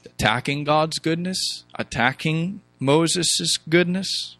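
A man's voice: a little high, slow pace, bright, forceful tone, no echo. A man preaching a sermon, reading scripture aloud and mimicking complaining voices, with emphatic rhetorical questions.

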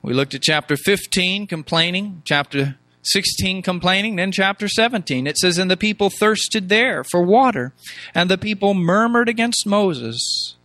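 A man's voice: sits high, animated, normal speed, bright, forceful tone, no echo. A man preaching a sermon, reading scripture aloud and mimicking complaining voices, with emphatic rhetorical questions.

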